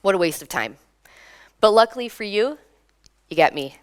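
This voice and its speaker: A young woman from Minnesota giving a lively conference talk, laughing between points and drawing in the audience. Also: mid-range voice, moderate pace. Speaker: conference speaker. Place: conference hall.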